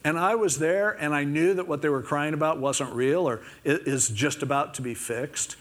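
A man's voice: a little high, moderate pace, a bit bright. A man preaching a conversational sermon, retelling scripture casually and acting out the quoted lines in little voices.

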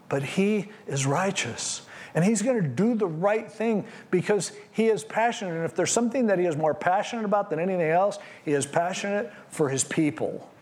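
A man pastor preaching a conversational sermon on scripture, animated and acting out what people might say. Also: a little high.

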